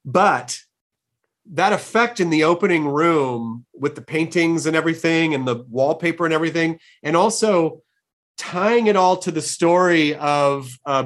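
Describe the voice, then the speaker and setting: A man hosting a casual interview, talking with enthusiasm in rambling sentences that often restart mid-thought. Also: fairly high pitch. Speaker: podcast host.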